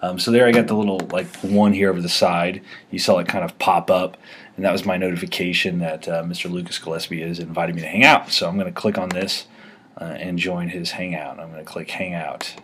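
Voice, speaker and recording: Low-voiced man rambling through a tech show. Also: fairly even intonation, brisk, fairly bright tone, slight background noise. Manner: rambling with many fillers and restarts. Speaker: host. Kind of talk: casual screen-recorded tech chat.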